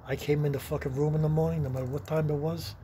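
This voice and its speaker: A middle-aged man, telling a rambling, profane workplace story in a blunt, gruff manner. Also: a little high, little pitch movement, fast talker. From Long Island, New York. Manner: blunt, heavy swearing, gruff. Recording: noisy background with vehicle sounds.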